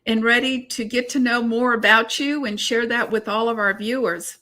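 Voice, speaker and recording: A woman's voice: a little high, fairly even intonation, normal speed, pushed and bright. A woman with a Southern Alabama accent co-hosting an online interview over a video call, easygoing and friendly. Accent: Southern US, Mobile Alabama. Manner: friendly, easygoing, laughs often. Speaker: co-host. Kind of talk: casual interview chat.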